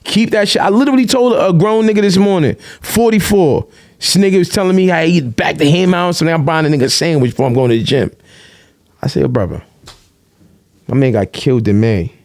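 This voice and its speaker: A man in casual chat, telling animated stories in streetwise slang and swearing freely. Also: a little high, a little fast, no room sound, studio quality. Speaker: podcast guest, vlogger.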